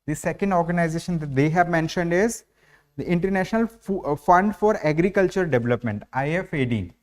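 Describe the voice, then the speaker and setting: A man's voice: on the high side, brisk. A man with an Indian English accent teaching current affairs in an online exam-prep lecture, explaining step by step and leaning on "like, you know". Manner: explanatory, heavy use of fillers like "you know".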